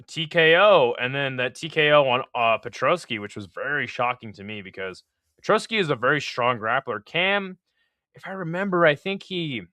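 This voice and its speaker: Bright, crisp-voiced man chatting casually. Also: mid-range voice, animated, moderate pace, no echo. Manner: loose, profane, thinks aloud with many fillers. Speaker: podcast host giving fight picks. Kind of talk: casual live-stream chat.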